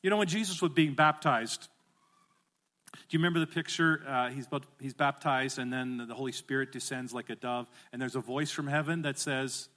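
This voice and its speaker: Speaking briskly in a mid-range voice, a middle-aged pastor preaches an animated sermon that rises to emphatic calls. He asks the congregation to repeat phrases back.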